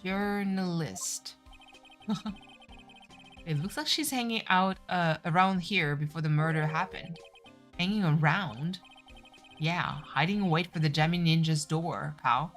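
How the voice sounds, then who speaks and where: A woman's voice: low-pitched, measured pace, fairly bright tone, soft background music. Woman reading clumsy friendly detective guy, blustery, kinda sheepish. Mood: chatty. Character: bumbling friendly male police detective.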